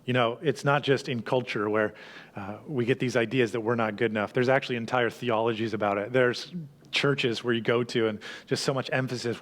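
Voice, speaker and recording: Man, pastor giving a sermon, fairly high voice, earnest, hushed lows, emphatic peaks. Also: a little fast.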